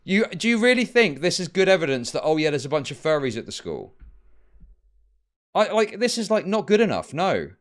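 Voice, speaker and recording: A man's voice: a little high, sing-song, fairly quick. A man streaming live commentary, ranting at his chat in heated, profane bursts. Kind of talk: livestream commentary.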